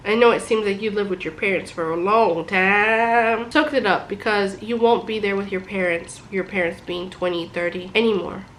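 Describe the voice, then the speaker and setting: A young woman talks straight to her viewers, chatty and animated as she shares what life has taught her. Her voice sits in a middle pitch, and a faint ambient hum runs underneath. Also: moderate pace, hardly any pauses, poor audio. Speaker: vlogger. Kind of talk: casual advice talk to camera.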